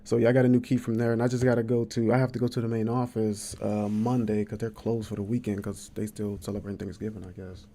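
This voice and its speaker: A man's voice: fairly low pitch, level tone, fast, few pauses, warm tone, slight background noise. A young man from the American Midwest hosting a podcast, telling a story in casual chat and acting out quotes with big jumps in his voice. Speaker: podcast host.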